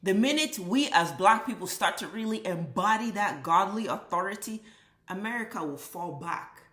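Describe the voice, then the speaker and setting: Woman vlogger, bright forceful voice, profane emphatic rant, echoey room. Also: medium pitch, animated, normal speed. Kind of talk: impassioned commentary rant.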